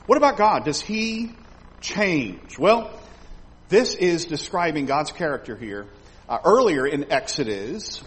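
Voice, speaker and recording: A middle-aged man preaching a sermon, emphatic, swelling louder on key phrases and repeating words. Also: mid-range voice, a little hiss or hum, low-quality recording.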